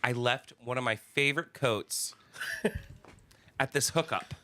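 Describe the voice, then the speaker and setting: A man in his thirties, co-hosting a podcast, telling candid stories with lots of laughs and quick restarts. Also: medium pitch. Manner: animated storytelling, laughs often, quick restarts. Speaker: podcast co-host. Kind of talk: casual chat.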